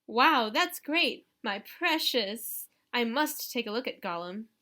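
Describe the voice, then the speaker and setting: A woman's voice: a little high, lively intonation, slow pace, sharp tone, exaggerated voice. A woman voicing a cheeky, teasing young boy.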